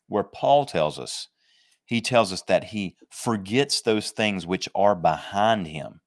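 A man preaching a sermon, emphatic and conversational, slowing down to stress scripture verses and joking with his listeners. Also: low-pitched. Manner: jokes and laughs with the congregation.

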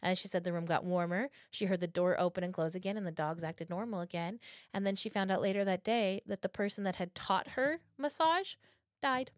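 A woman in her thirties tells a story in a loose, foul-mouthed podcast chat. She acts out each person's lines as she goes. Her voice sits at a middling pitch and sounds dry and close to the mic. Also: a little fast, dry recording. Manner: profane, animated storytelling with acted-out quotes. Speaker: podcast co-host.

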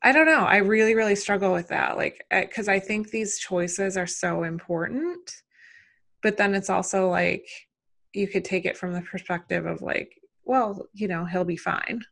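A woman in her thirties, a mother appearing as a podcast guest, talks through her parenting worries in a loose, rambling way, filling her speech with fillers and second-guessing herself. Her mid-range voice is fairly bright with vocal fry, at a normal speed.

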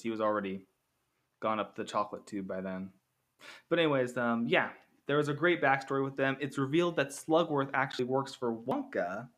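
Young man, casual film commentary, bright tone, rambling, jokey, self-correcting. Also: medium pitch. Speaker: film reviewer.

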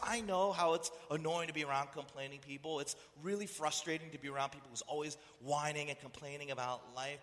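This sermon comes from a man with a fairly high, fairly bright voice and a brisk delivery. As a pastor he keeps throwing rhetorical questions at the crowd and acting out voices, with hall reverb echoing around him.

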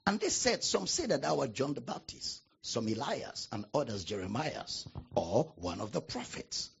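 A man preaching a sermon as pastor, with dramatic pauses and emphatic repetition. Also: medium pitch, sing-song, gravelly, breathy edge, dull audio.

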